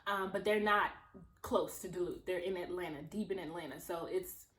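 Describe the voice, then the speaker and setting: A woman's voice: lowish voice, normal speed, a bit bright. A young woman from Los Angeles telling a personal story in casual storytime chat, talking to viewers like friends and acting out the voices she quotes. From Los Angeles, USA. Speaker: vlogger. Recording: roomy echo.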